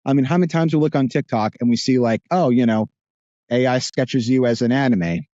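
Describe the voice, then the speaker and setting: A man with a New Jersey accent, a voice actor chatting casually as a podcast guest, animated and rambling with restarts. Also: medium pitch, fairly quick, no echo, highs cut off.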